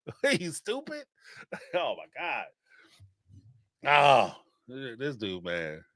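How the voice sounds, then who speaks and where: A man hosting a reality-TV call-in show, giving sarcastic, animated commentary and laughing often. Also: medium pitch, drawn-out words, long pauses, no echo, studio quality. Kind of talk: casual commentary.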